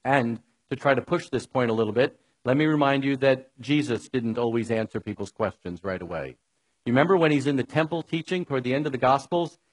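Husky-voiced New preacher. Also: male voice, medium pitch, rough recording. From New York. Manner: chatty, wry, talks straight to listeners. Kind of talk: conversational sermon.

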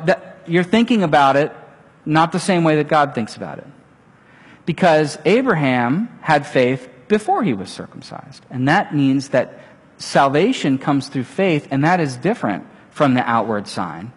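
A man's voice: on the high side, unhurried, husky. A middle-aged man preaching a sermon, telling stories and acting out little voices as he goes. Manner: animated, storytelling with acted-out voices. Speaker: pastor. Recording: long hall reverb.

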